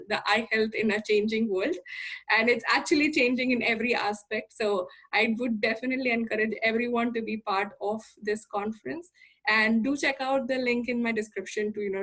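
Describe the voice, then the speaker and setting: A woman's voice: on the high side, a bit bright. A woman hosting an interview show over a video call, upbeat and encouraging as she introduces segments and asks questions. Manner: upbeat, encouraging, many you-knows. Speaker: podcast host.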